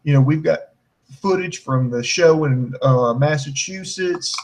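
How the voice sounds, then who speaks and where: A man in his forties co-hosting a casual wrestling review chat, rambling and profane, with a fairly high voice. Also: a little slow, slight background noise, low-quality recording. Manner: animated, profane, rambling, acts out mocking voices. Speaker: wrestling show co-host.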